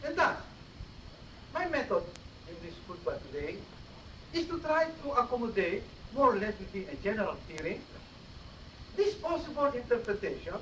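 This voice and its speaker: A man's voice: very high-pitched, a bit bright. A man giving a mosque sermon in a teacherly way, often checking his listeners with short questions, on an old cassette tape. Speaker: preacher giving a Friday sermon. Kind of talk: explanatory sermon. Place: mosque hall. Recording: roomy, distant 1980s cassette tape with faint hiss.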